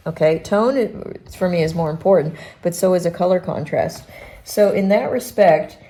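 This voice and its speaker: Low, mellow-voiced woman teaching pastels. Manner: relaxed, thinking aloud, halting with restarts. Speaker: art teacher demonstrating pastel painting. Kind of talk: unscripted painting demonstration.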